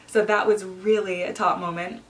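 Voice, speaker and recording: A woman's voice: mid-range voice, fairly even intonation, normal speed, fairly bright tone, distant mic. A young woman, a lifestyle coach, talking straight to her viewers in a heartfelt vlog, teary and encouraging as she thanks them. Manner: emotional, encouraging, speaks to viewers as sisters. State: teary, emotional. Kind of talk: heartfelt direct-to-camera vlog.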